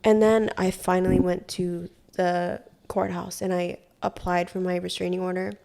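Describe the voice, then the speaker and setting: A young woman from Hawaii, a podcast guest, telling a story in casual, profane, animated talk full of "like". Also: on the low side, moderate pace, vocal fry. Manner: profane, animated, heavy use of "like".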